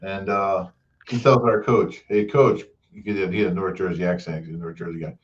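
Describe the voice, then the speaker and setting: A man's voice: low voice, brisk. A man co-hosting a casual sports talk show, joking around and telling stories about his college days. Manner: joking, bursts into excited shouts. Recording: muffled audio with faint noise.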